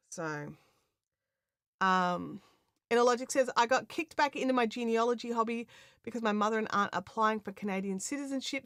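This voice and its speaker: A woman's voice: on the high side, a bit bright, no echo. Australian woman host, rambling livestream chatter, dry close sound. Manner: chatty, rambling, laughs often, many fillers. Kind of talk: casual livestream chat reading viewer comments.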